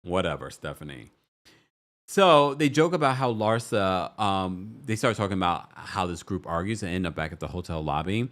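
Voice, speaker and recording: A young man hosting a casual show recap, sassy and animated, who jumps into a high voice when he quotes people. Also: moderate pace. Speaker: recap host.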